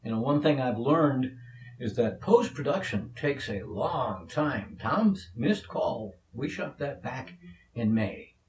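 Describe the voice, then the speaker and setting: A man's voice: mid-range voice, animated, slow pace, a little mellow, roomy sound, low-quality recording. A man vlogging to camera in a casual, opinionated way, chatty with small stumbles. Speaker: video blogger and actor.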